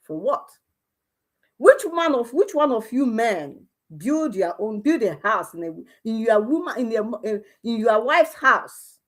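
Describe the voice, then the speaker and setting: A woman with a Nigerian Igbo accent hosting a livestream, moving between soft, sorrowful talk and loud, fiery outbursts. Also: on the high side, big pitch swings, a little slow. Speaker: livestream host. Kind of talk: emotional livestream commentary.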